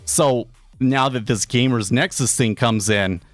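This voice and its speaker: A man's voice: medium pitch, unhurried, no echo, faint music behind. A man who runs a day trading stream, chatting casually and rambling through an anecdote, raising his voice to act out the people in it. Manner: rambling storyteller, acts out quoted characters with a raised voice. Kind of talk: casual live-stream chat.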